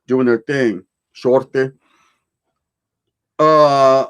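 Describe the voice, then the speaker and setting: Man, livestream host, casual chat, street slang, Spanish words mixed in, middle pitch. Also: slow pace, pauses often, clean tone. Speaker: livestream host reading viewer comments.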